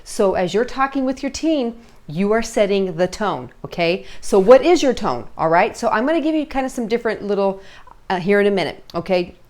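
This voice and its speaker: A woman's voice: mid-range voice, animated, fairly quick, darkish tone. Middle-aged woman, parenting coach, chatty, keeps checking in with listeners. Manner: conversational, checks in constantly with "okay?" and "all right?". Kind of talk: casual coaching talk.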